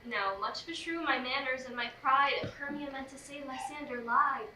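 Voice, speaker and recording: An actress playing a gentle, modest young woman in love, speaking soft, measured verse on a live stage. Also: sits high, background noise, close to an everyday voice. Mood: tender. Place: theater stage. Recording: echoey stage, recorded from far off.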